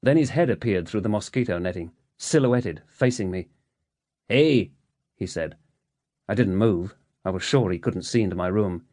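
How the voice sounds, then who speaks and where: A man reading a novel aloud in first person, with measured, steady storytelling. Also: fairly low pitch, dry recording, clean studio sound. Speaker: audiobook narrator. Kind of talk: scripted first-person narration.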